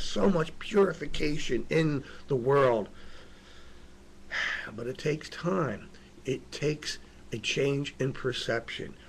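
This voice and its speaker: A man hosting a web show, delivering an inspirational spiritual monologue that swings from hushed reflection to raised, emotional appeals. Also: medium pitch, husky. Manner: emotional, apologetic.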